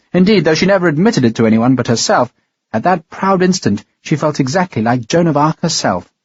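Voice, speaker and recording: Husky-voiced man narrating an audiobook. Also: a little high, no echo, dull audio. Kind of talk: scripted narration.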